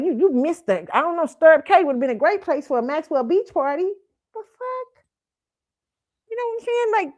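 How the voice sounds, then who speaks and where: A woman's voice: high-pitched, darkish tone. A woman hosting her own pop-culture commentary stream, talking bluntly with plenty of swearing, frequent laughs and repeated "okay?". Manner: blunt and profane, laughs often, keeps asking "okay?". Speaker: show host. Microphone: streaming setup mic.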